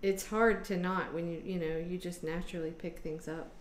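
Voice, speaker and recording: A woman's voice: on the low side, steady tone, normal speed, reverberant, a little hiss or hum. A woman from Michigan hosting a casual chat over a video call, rambling with many fillers. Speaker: host.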